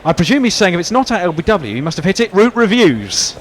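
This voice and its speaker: A man's voice: sits high, lively intonation, racing, a little hiss or hum. A man giving live ball-by-ball cricket commentary in a wry, chatty way. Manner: wry, chatty, laughs easily.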